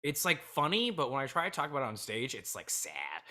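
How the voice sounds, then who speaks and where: A man's voice: medium pitch, huge pitch swings, fairly quick, sharp tone. A man in his thirties, a comedian telling a personal story candidly in a casual interview. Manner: candid, drifting between laughing and subdued. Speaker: comedian guest.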